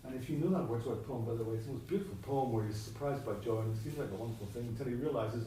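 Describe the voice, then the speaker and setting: A man with a medium-pitched, warm voice lectures on poetry at rapid-fire speed, barely pausing, thinking aloud in a discursive way full of asides, restarts and self-interruptions. He's in a church hall, picked up by a distant mic, so the sound is echoey with slight background noise.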